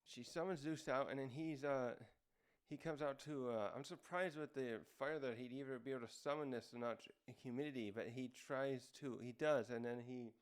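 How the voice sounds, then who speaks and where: Hosting a loose, unscripted manga recap, a man rambles along with many fillers and restarts. He talks a little fast in a medium-pitched voice that's clear and resonant.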